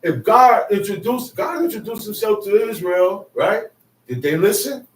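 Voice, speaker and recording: A man preaches in a fairly high voice that is casual and conversational. He now and then bursts into shouts for emphasis. The sound is roomy and a little distant from the mic. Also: lively intonation, unhurried, slight background noise. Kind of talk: sermon.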